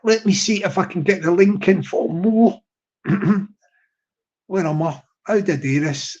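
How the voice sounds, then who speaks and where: A man's voice: high-pitched, measured pace, darkish tone, muffled recording. A man hosting a live stream, chatting in a rambling way with many restarts and tangents. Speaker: livestream host.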